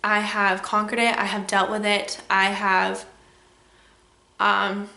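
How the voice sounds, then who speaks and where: A woman's voice: medium pitch, monotone, slow pace, vocal fry, sharp tone, echoey room. A young woman vlogging a candid personal reflection, close to tears, with many "like"s and "um"s. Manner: candid, emotional, with frequent "like" and "um". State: on the verge of tears.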